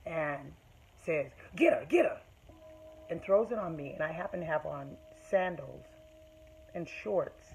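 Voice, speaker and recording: A woman's voice: low voice, unhurried, creaky, a little mellow, slightly rough, rough recording. A woman vlogger telling a personal story straight to her viewers, emphatic and repeating phrases as she makes her point. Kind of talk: storytime monologue to camera.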